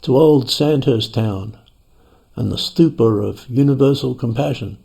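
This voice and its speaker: A man reading aloud, voicing a calm, knowing male lama who speaks in a serene, measured way. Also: mid-range voice, gravelly, husky.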